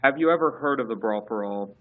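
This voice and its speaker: A man's voice: mid-range voice, fairly quick, phone-quality sound. A man co-hosting a casual wrestling chat, rambling with lots of fillers and restarts. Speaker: podcast co-host.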